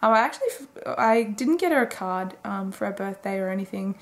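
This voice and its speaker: A woman's voice: mid-range voice, animated, brisk. A woman in her twenties rambling casually through a late-night video diary, chatty and full of fillers. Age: 20s. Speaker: daily vlogger.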